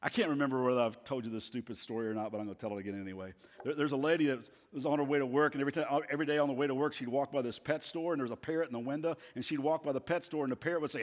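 A male pastor preaching a sermon in an animated, conversational storytelling manner. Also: mid-range voice, fast, big-room sound.

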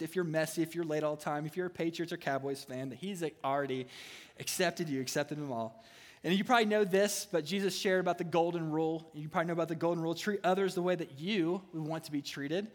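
Guy pastor giving a sermon, kinda high voice, cracks jokes, big echoey hall. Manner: humorous, playful asides. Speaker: student ministry pastor. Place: church hall. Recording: reverberant hall.

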